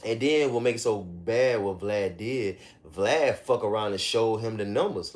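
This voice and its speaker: Profane, animated man ranting on a livestream. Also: unhurried, few pauses. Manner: animated, profane, mocking rants with sudden high-pitched outbursts. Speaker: livestream host. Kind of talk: casual livestream commentary.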